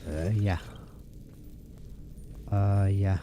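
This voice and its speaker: A man's voice: sits low, fairly even intonation, drawn-out words, noisy background. A man giving casual, rambling gameplay commentary as a streamer, playful and prone to repeating words in bursts. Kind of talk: casual let's-play commentary.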